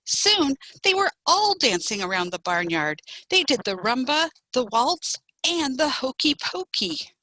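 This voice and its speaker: A children's librarian reads a picture book aloud with animated, expressive delivery. She reads slowly in a bright, fairly high voice with lively swings in pitch. The sound is dry and close. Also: no room sound, poor audio.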